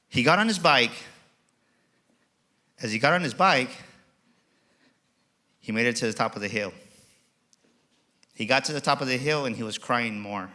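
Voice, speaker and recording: A man giving a motivational keynote speech to a live audience, energetic and acting out dialogue in changing voices. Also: medium pitch, normal speed, pauses often. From Texas. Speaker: motivational speaker. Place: auditorium.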